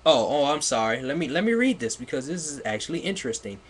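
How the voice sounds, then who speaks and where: A man's voice: medium pitch, big pitch swings, fast talker, slightly rough. A man giving a mocking live read-aloud of a piece of fan fiction, laughing, swearing and stumbling over its misspellings. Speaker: livestreamer.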